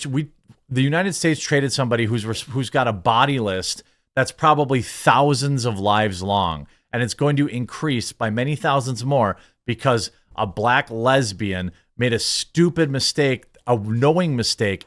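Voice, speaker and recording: Speaking mid-range at a measured, somewhat bright pace, the host of an online commentary video reads out bits of an article. His replies are mocking and indignant.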